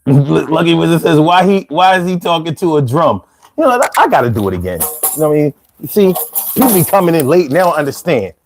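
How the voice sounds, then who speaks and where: A man hosting a live stream in casual chat, reading out viewer comments in a slangy, animated way. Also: a little high, quick pace, faint music behind. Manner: slangy, animated, laughs between lines. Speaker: livestream host.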